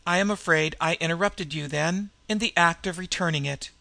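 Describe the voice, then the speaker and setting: A suave gentleman adventurer in a storybook reading, as a man puts him on, polite and ironic. His voice is bright and a little high. A gravelly fry sits underneath it. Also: brisk, no echo.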